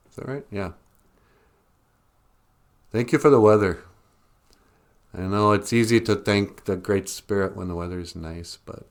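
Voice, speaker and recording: A man hosting a podcast in a rambling solo monologue, chuckling often and jumping into high mocking voices for quoted people. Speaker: podcast host.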